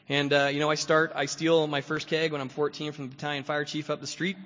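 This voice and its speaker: A man's voice: on the high side, little pitch movement, brisk, fairly bright tone. A man giving a personal recovery talk as guest speaker at a meeting, rambling with constant fillers and frequent chuckles. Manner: rambling, full of "you know" fillers, chuckles often. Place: meeting hall. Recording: echoey hall, dull lo-fi sound.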